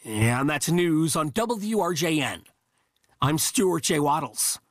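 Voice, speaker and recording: Local radio newsman, slightly high voice, dry studio sound, brisk and even. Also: no echo. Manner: brisk, even newsreader delivery. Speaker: local radio news anchor. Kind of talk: news update reading. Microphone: studio mic.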